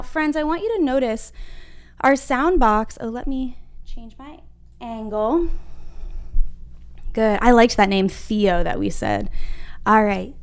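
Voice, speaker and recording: A young woman teaching a livestreamed phonics lesson to small children, encouraging them and sounding out letters slowly and clearly at a whiteboard. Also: on the high side. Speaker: kindergarten reading teacher. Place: home room at a whiteboard.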